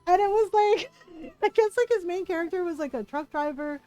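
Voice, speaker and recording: Woman streamer, high voice, rambling casual chat full of fillers and laughs, faint game music behind. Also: brisk, warm tone, rough recording. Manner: rambling storyteller, laughs often, many fillers. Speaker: livestreamer. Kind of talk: casual chat while gaming.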